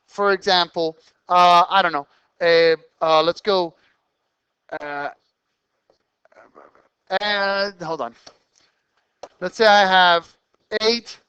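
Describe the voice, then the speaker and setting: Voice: mid-range voice, a bit bright, clean tone, dry recording, low-quality recording. A math teacher explaining problems step by step in a classroom lesson, checking in with the students through short questions as the explanation goes on.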